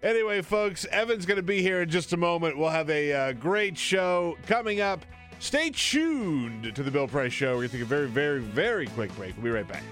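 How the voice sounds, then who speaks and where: A man's voice: a little high, expressive, normal speed, fairly bright tone, faint music behind. A man hosting a talk radio show, speaking casually and sarcastically from a radio studio, riffing and laughing about the news.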